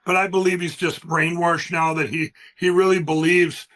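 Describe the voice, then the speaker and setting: A man speaks with a high-pitched voice as he talks on a show. He rambles and stresses his words, jumping from one point to the next. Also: level tone, normal speed, fairly bright tone. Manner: rambling, emphatic, acts out quoted voices. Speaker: guest. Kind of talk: animated interview storytelling.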